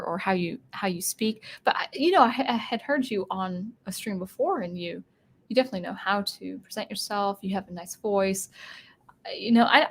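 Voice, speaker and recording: An American woman of medium pitch hosts a relaxed live-stream Q&A. She talks in a chatty, explanatory way, often restarting her sentences as she answers viewers. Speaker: live-stream host of a music channel. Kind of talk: casual live Q&A, reading viewer comments aloud.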